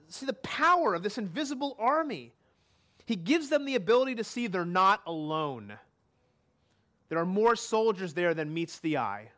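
A man's voice: high voice, a bit bright. A man preaching a sermon in a conversational way, often putting questions to his listeners.

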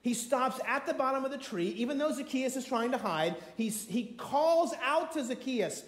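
A man preaching a sermon to a congregation, animated and acting out the story with quoted voices. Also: extremely high pitch, moderate pace. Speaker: pastor. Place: room with a congregation. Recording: echoey room.

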